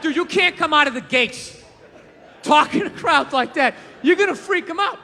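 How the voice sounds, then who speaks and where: Stand-up comic, male, very high and bright voice, heard in a reverberant hall. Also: moderate pace. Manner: profane, rambling, animated rants with acted-out quotes. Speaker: stand-up comedian. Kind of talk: stand-up comedy routine.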